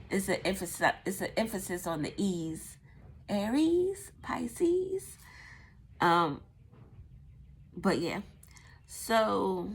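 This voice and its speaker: A woman's voice: medium pitch, gravelly, a little hiss or hum. A woman doing a casual tarot reading, thinking aloud, blunt and a bit profane. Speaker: tarot reader.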